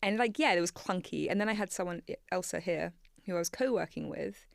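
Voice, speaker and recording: A woman's voice: fairly low pitch, brisk, vocal fry, dry recording. A woman talking casually and animatedly, often correcting herself mid-sentence, recorded in a studio. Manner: rambling, self-correcting, animated. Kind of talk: casual conversation. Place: small studio. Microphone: studio microphone.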